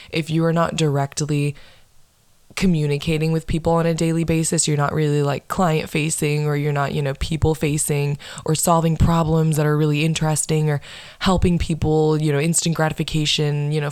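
A young woman with a low voice rants bluntly on her own podcast, swearing freely and laying on the sarcasm. The sound is close and dry, with no room around it. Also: a little mellow, dry recording. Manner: blunt, profane, sarcastic ranting. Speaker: podcast host. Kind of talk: casual solo podcast rant.

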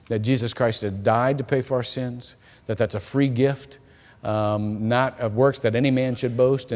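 A male pastor preaching a sermon, telling stories in an animated way with frequent repeated words. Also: mid-range voice. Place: church hall. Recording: long reverb of a church hall.

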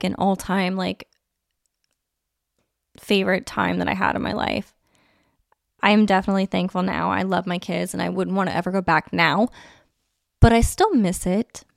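A woman's voice: medium pitch, vocal fry, no room sound, studio quality. A woman in her thirties hosting a casual solo podcast, chatty and nostalgic, with lots of "like" fillers. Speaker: podcast host.

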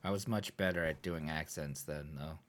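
A man's voice: a bass voice, normal speed, fairly bright tone, a little hiss or hum. A man from Rhode Island with its accent, co-hosting a podcast in dry, offhand casual chat. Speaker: podcast co-host.

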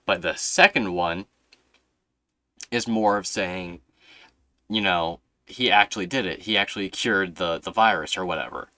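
A low-voiced young man with a bright, forceful tone talks through a casual podcast conversation. His storytelling rambles and runs on fillers, and the sound is dry and close. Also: a little slow, long pauses, no room sound. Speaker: podcast host.

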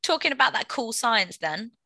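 Bright-voiced woman interviewer. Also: a little high, big pitch swings, moderate pace. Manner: short conversational prompts. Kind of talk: casual interview chat.

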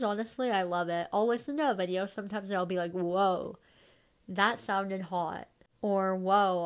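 A woman hosting a solo podcast, a bit stuffed up and nasal, rambling casually with lots of "like"s and self-deprecating asides. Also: mid-range voice. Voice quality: nasal from congestion. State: stuffed up, congested. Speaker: podcast host.

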